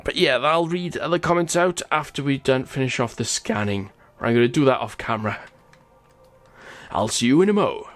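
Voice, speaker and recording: A man of middle pitch talks casually through his gameplay and reads out viewer comments. He stumbles over tricky names and laughs at himself as he goes. Soft music plays faintly behind him. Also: expressive, moderate pace. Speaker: gaming channel host.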